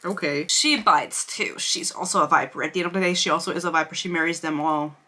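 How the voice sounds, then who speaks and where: A woman's voice: low voice, quick pace, sharp tone. A young woman at her bedroom desk, giving a sarcastic book review with swearing and laughing asides. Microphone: desk camera.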